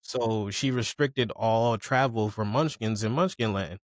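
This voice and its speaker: A man's voice: on the low side, measured pace, dry recording, clean studio sound. A man chatting casually on a podcast, retelling a story with acted quotes and lots of swearing. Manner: animated storyteller who acts out quotes, swears freely.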